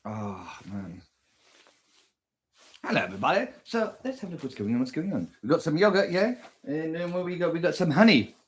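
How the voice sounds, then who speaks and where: A man's voice: on the high side, very animated, fairly quick, breathy edge. A man talking in a casual vlog, crude and exaggerated, swearing constantly. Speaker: vlogger. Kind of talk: casual rant and food vlog.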